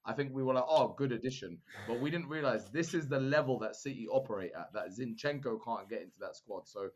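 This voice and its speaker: A man guesting on a football podcast, talking in animated, slangy, joking banter. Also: mid-range voice, fast. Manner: animated banter, slangy, jokey put-on voices. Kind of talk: casual football chat.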